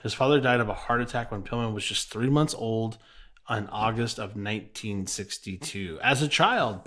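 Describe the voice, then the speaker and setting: A man's voice: mid-range voice, slight background noise. Laughing male wrestling podcast host. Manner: reads promos and notes briskly, laughs often. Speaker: podcast co-host reading the segment notes. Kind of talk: casual podcast chat with read-out bio notes.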